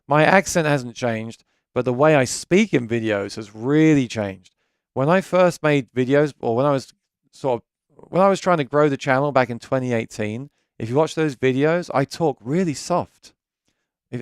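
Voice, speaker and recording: A man's voice: mid-range voice, animated, moderate pace, clean tone, no room sound. A British man hosting a live gear chat stream from his home studio, chatty and rambling, often restarting his sentences. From Britain. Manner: chatty, rambling, self-correcting. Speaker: gear channel host.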